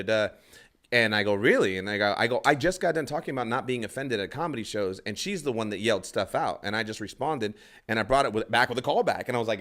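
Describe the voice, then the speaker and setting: A man's voice: lowish voice, fairly bright tone. A male comedian telling a rambling story in casual podcast chat, acting out other people's lines and swearing freely. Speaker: stand-up comedian guest.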